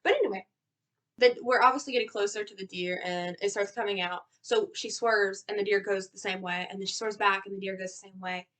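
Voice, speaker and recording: A young woman with a Southern US accent, co-hosting a casual vlog and telling stories in an animated way, with lots of "like". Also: medium pitch, fairly quick, hardly any pauses. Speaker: co-host. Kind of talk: casual chat.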